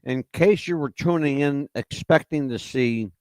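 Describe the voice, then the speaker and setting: A man hosting a show, chatting casually in an animated, teasing, playful way. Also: a little high, a little slow, dry recording. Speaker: show host. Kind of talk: casual chat.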